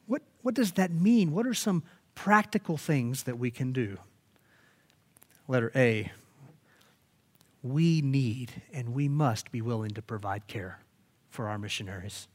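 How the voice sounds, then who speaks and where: A man preaching a sermon as pastor, animated and emphatic, often restarting his phrases. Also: mid-range voice, measured pace, long pauses, breathy edge.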